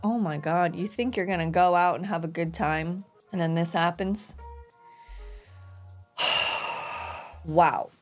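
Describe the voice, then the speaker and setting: A woman's voice: fairly low pitch, takes it slowly, long pauses. A woman talks through an anime episode in casual reaction commentary. She is earnest and emotional and often sighs or exclaims. Faint music plays under her voice.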